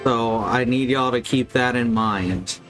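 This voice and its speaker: Slow, wry male game streamer. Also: medium pitch, over music. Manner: casual, wry, critical. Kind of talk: live game commentary.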